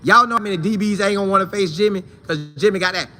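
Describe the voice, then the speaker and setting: A man hosting a casual football talk show, animated and slangy, talking straight to his viewers. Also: high voice, rapid-fire, slight background noise. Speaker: sports show host.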